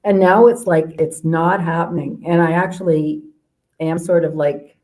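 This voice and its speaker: Low-voiced, mellow woman guest from Canada. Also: steady tone, measured pace, low-quality recording. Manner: rambling, many fillers and restarts. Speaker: guest, life coach. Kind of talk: casual interview chat.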